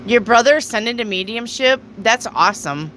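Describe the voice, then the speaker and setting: A woman's voice: on the high side, lively intonation, moderate pace, fairly bright tone, a little hiss or hum, rough recording. A woman hosting a casual live tarot reading, chatty, reading viewer questions aloud and answering them. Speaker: tarot reader.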